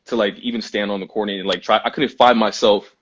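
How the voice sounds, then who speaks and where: Over muffled Instagram live audio, a young Brooklyn, New York man chats casually as a guest, spinning animated stories loaded with slang and fillers. He talks at a quick pace in a fairly low, husky voice.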